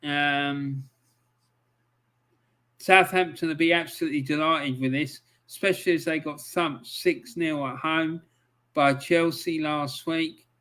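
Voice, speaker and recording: A man giving live match commentary on a stream, swearing often and breaking into angry outbursts between calm play-by-play. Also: fairly high pitch, a little slow.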